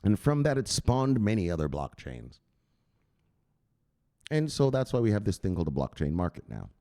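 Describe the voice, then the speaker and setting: A man's voice: on the low side, normal speed. A man hosting a crypto channel at home at night, rambling and swearing in casual vlog chat. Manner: profane, rambling, animated.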